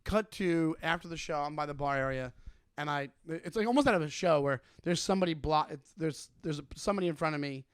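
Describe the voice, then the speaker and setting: A man with a notably high voice co-hosting a comedy podcast, spinning a rambling, animated story full of restarts and swearing. He is close on the mic in a dry, dead room. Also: a little fast, smooth, no echo. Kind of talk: casual chat, storytelling.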